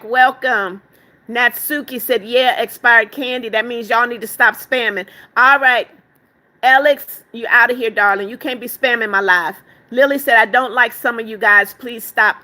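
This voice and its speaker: Woman live-streamer, fairly high voice, bright and forceful, reading out chat comments, greeting viewers as "darling". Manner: reads viewer comments aloud and greets each by name; calls viewers "darling", firm with spammers. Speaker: livestream host.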